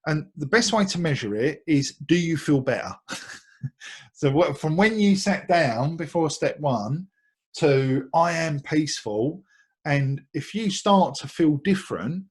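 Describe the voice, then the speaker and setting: Husky Essex man teaching meditation. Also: fairly high pitch, lively intonation, measured pace. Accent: Essex English. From Essex, England. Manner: light-hearted, repeats words, laughs often. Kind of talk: guided meditation talk.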